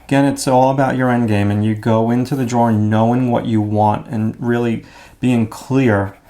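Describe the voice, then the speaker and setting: Gravelly-voiced man teaching drawing. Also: mid-range voice, normal speed. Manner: relaxed, thinking aloud while drawing. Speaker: art instructor. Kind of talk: drawing demonstration.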